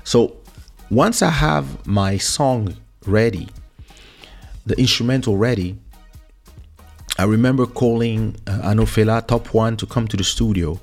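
A man's voice: lowish voice, a little slow, creaky, long pauses. A man, hosting a podcast and casually telling a story from his music career, repeating and restarting words as he recalls. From France. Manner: reminiscing, frequent word repeats and restarts.

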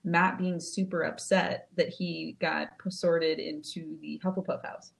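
A young woman co-hosting a casual podcast chat, relaxed and asking questions. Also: low voice, measured pace, creaky, poor audio. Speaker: podcast co-host.

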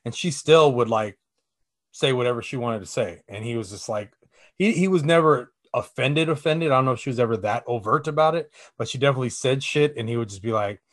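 A young man speaks a little fast in a mid-range voice as co-host of a casual podcast chat. He's a rambling storyteller who drops plenty of fillers and swears casually.

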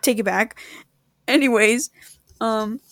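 A woman's voice: a little high, takes it slowly, a bit bright, dry recording. Young woman on a podcast rambling a story, lots of bro and swearing, dry close sound. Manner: slangy, swears a lot, says bro often. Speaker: podcast co-host. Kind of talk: casual storytelling chat.

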